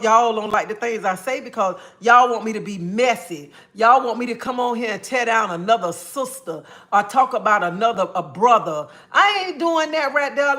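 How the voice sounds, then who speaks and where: Sassy, bright-voiced woman streaming live. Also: fairly high pitch. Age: adult, a mother. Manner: sassy, blunt, calls viewers honey and baby; repeats "okay?" after points. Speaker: livestreamer. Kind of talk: casual live-stream rant.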